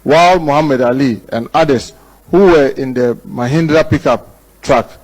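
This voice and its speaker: A Ghanaian man reads a news report in a steady, mid-pitched voice. His delivery is formal and measured. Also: low-quality recording. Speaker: news presenter.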